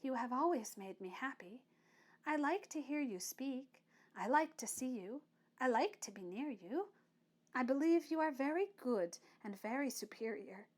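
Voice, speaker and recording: A shy young woman pupil with a soft, hesitant, earnest voice, sometimes lapsing into French, as a woman reader plays her. She speaks higher and lighter than the narration. It is a classic storybook reading. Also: animated, normal speed. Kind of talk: audiobook reading of a classic novel.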